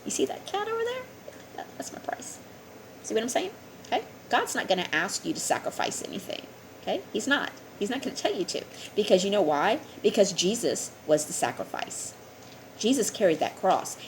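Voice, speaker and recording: Over slight background noise, a woman speaking at medium pitch gives an informal spiritual lesson. Her tone is earnest, and she repeatedly asks her listeners "okay?" to check in.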